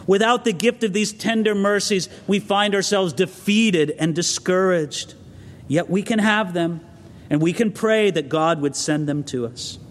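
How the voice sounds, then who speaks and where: A man's voice: high-pitched, measured pace, slight background noise. A man preaching an expository sermon as pastor, earnest and preacherly, telling stories with asides. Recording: long reverb of a large hall.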